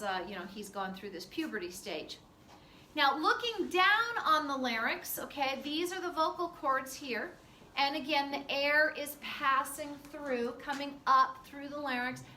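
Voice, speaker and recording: A woman teaching a class in a relaxed, chatty way, full of fillers. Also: high voice, slight background noise. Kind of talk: classroom lecture. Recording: echoey classroom from far off.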